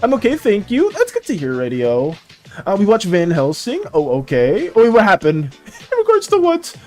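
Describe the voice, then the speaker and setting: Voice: mid-range voice, huge pitch swings, moderate pace, a little mellow, faint music behind. An art streamer chatting casually with viewers while drawing, greeting each one by name and rambling through restarts. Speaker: livestream artist chatting with viewers.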